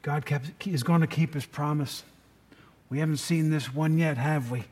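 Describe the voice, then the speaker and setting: Conversational male pastor, slightly high voice. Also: fairly even intonation, normal speed, a little mellow. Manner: conversational, asks the congregation questions. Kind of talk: sermon.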